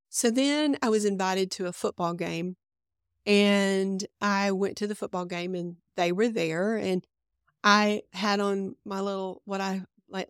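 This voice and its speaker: A woman's voice: mid-range voice, clean tone, dry recording, studio quality. Earnest woman telling a faith story. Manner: earnest storytelling, acting out her own past thoughts. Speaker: podcast guest. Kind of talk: personal testimony in conversation.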